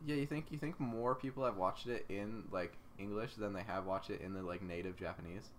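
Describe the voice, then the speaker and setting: A man's voice: fairly low pitch, brisk. Young male podcast co-host, loose rambling delivery with a swear now and then, faint hiss behind. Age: young adult. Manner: rambling, swearing, laughs often. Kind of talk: casual podcast chat. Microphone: remote call mic.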